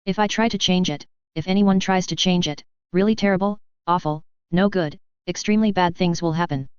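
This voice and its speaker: A young girl who claims to see the future, talking in dramatic, evasive pronouncements, as a woman reads her. The voice is very clear and somewhat low. The recording is dry with a slightly dull band. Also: fairly quick, no room sound, natural voice. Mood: cryptic.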